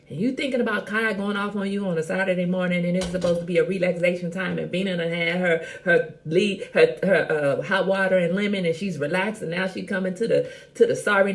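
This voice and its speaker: A woman hosting a casual live chat show, talking in a sassy, animated and blunt way and greeting viewers by name. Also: on the low side, a little fast. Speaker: host.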